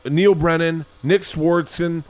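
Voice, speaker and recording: A man's voice: on the high side, fairly even intonation, slow, dry recording. A man in his forties hosting a podcast, chatting casually, laughing and swearing as he tells stories. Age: 40s. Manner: loud, swearing, laughing storyteller. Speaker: podcast host. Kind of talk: casual chat.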